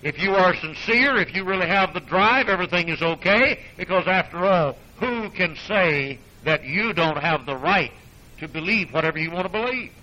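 A male Baptist preacher delivers his sermon in a high, sharply bright voice. He hammers his points with emphasis, then drops into low, folksy asides. His storytelling carries a dry, sarcastic edge. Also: animated, moderate pace, poor audio. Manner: emphatic, swings from loud declarations to low asides.

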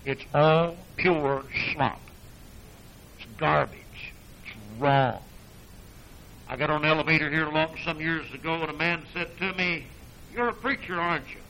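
A man preaching a sermon as a Baptist preacher, emphatic, swinging from loud declarations to low asides, with folksy, sarcastic storytelling. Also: measured pace, long pauses, a little hiss or hum, low-quality recording.

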